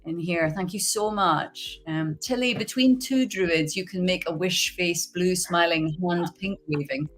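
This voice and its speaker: A woman's voice: on the low side, a little slow, few pauses, soft background music. A middle-aged woman voice actor chatting casually on a livestream, rambling and laughing often. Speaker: guest voice actor.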